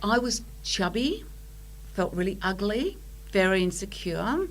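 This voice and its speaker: A middle-aged Australian woman with an Australian accent, guest on a podcast, telling her story in animated casual chat and acting out quotes. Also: medium pitch, a little slow, low-quality recording.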